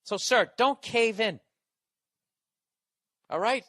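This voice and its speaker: A man's voice: very high-pitched, slow pace, a bit bright, dry recording. A man delivering a profane, exasperated comedy rant as a podcast host, often stammering through restarts. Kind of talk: ranting comedy monologue.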